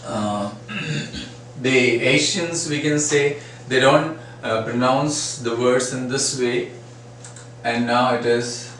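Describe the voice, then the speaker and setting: A man teaching a phonetics lesson, repeating example words slowly and asking "right?" often. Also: medium pitch, fairly bright tone. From India. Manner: frequent "right?" and "uh, say" fillers. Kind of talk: phonetics lecture. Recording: echoey room, mic at a distance, faint noise.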